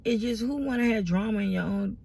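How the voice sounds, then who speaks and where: Brisk and mid-range, with vocal fry and a slightly mellow quality, this woman's voice carries a little hiss or hum. She's an adult vlogger pouring out family drama to camera, exasperated, nearly crying, and rambling through many restarts.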